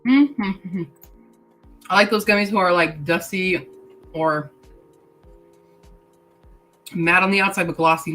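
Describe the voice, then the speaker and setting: A woman's voice: fairly low pitch, expressive, takes it slowly, long pauses, fairly bright tone, faint music behind, poor audio. A woman hosting a casual writing-sprint livestream. She reads chat comments aloud, laughs often and talks while chewing candy.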